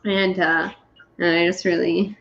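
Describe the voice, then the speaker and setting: A woman's voice: lowish voice, flat delivery, unhurried. Tipsy lady rambling about a movie, giggly, a bit muffled with faint hiss. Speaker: show host. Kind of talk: tipsy movie review chat.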